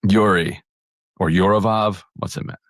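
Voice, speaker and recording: A man's voice: sits low, steady tone, normal speed, fairly bright tone, no room sound, studio quality. A man co-hosting a podcast, chatting casually about politics with many restarts, played as a clip. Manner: rambling, many restarts, quotes others in paraphrase. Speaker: podcast co-host.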